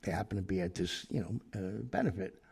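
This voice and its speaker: A man telling an anecdote in a lively way, acting out the people he quotes, with fillers and restarts. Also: low voice, fairly quick, creaky, breathy edge. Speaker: storyteller guest.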